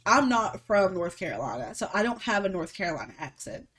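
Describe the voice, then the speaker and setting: A woman's voice: mid-range voice, a little fast, husky. A woman from Alabama with a thick Southern accent, co-hosting a podcast in casual chat and telling stories with frequent laughter and swearing. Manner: laughs often, swears, animated storytelling. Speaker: podcast co-host.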